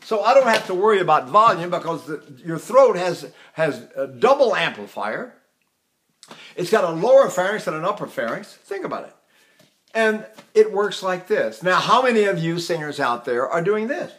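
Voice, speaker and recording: An older man runs a singing lesson, his speaking voice sitting high for a man. He chats in a loose, animated way and keeps breaking into sung vowels and scales to show his point. Now and then he mimics poor technique with exaggerated sounds. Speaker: voice teacher.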